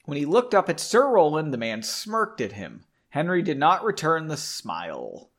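A man's voice: fairly high pitch, huge pitch swings, normal speed, a bit bright. A man hosting a podcast where he reads his own book, breaking off for wry, self-interrupting asides. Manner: self-interrupting, wry, rereads lines in new voices. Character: weary male hero, reading his own lines. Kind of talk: casual reading with joking asides.

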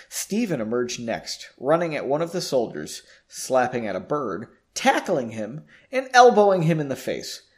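A man casually reading a story aloud, breaking off for chatty, jokey asides and correcting his own slips. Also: a little high. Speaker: reader.

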